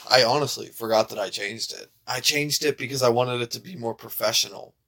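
A young man co-hosting a podcast in casual chat, laid-back, swearing often and laughing as he acts out quotes in higher voices. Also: steady tone, a little fast, creaky, a bit bright. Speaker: podcast co-host.

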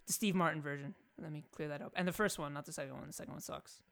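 A man's voice: on the high side, rapid-fire, vocal fry, a bit bright. A young man co-hosting a casual movie chat, playful and slangy, joking with his friend. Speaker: podcast co-host.

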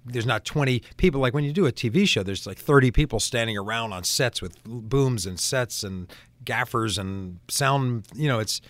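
A man, an actor and interview guest, telling a lively story in casual talk with many restarts. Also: mid-range voice, moderate pace, dry recording.

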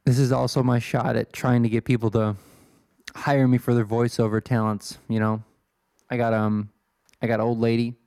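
A man's voice: medium pitch, flat delivery, moderate pace, darkish tone, no echo, studio quality. Rambling self-deprecating young man. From Illinois, USA. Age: 20s. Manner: self-deprecating, swears, wanders off topic. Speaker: podcast host. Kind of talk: casual rambling monologue.

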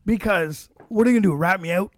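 A man, a driver and co-host, telling stories in casual chat, animated, laughing often and swearing freely. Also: high-pitched, quick pace, no echo.

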